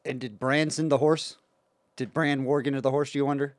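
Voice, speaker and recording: A man's voice: mid-range voice, flat delivery, brisk, no room sound. A man co-hosting a casual podcast who answers with dry, wry quips. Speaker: podcast co-host.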